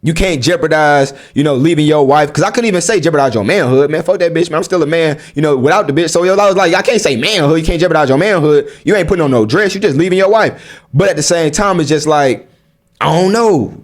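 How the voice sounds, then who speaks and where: A young man with a slightly high voice gives his viewers blunt, casual advice. He talks in street slang and keeps throwing rhetorical questions at them. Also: quick pace. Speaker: vlogger. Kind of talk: casual advice monologue to camera.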